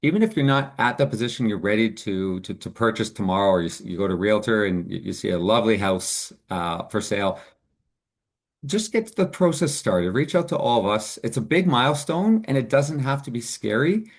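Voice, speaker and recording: Low-voiced upbeat financial advisor man. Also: animated, brisk. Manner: earnest, upbeat explaining. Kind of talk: webinar presentation.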